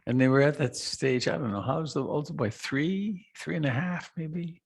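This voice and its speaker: Middle-aged man, meditation teacher, gravelly voice, husky tone, unhurried reflective dharma talk. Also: fairly high pitch. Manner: slow, reflective, with long pauses and soft trailing lines.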